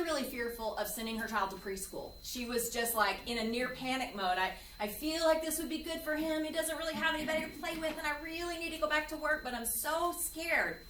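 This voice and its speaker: A middle-aged woman counselor leading a parent workshop, animated and acting out quoted voices. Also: fairly high pitch, a little hiss or hum. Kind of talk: workshop talk. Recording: echoey room from far off.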